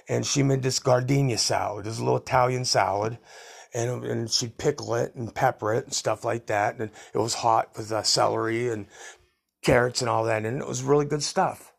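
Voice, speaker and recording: A middle-aged man hosting a podcast, telling rambling stories from his youth in a casual way and laughing at his own tales. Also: medium pitch. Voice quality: gravelly, husky. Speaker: podcast host. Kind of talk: casual storytelling.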